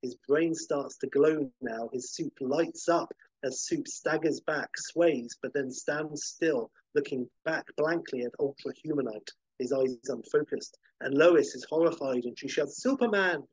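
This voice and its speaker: A man hosting a podcast, narrating a film pitch vividly, with occasional fillers. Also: a little slow, hardly any pauses, darkish tone, breathy edge, no room sound, rough recording. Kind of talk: animated story pitch.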